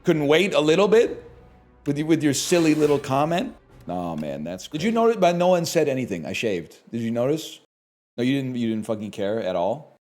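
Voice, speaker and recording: A man's voice: mid-range voice, fairly quick, faint music behind. A man from Canada chatting live on his stream, ranting and swearing at his chat. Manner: animated, profane ranting to chat.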